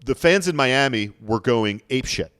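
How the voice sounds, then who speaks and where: A man co-hosting a casual sports podcast in a mid-range, everyday voice. He talks in a measured way with plenty of restarts, and the sound is dry and close. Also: medium pitch, expressive, a bit bright, clear, resonant tone, dry recording. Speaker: podcast co-host.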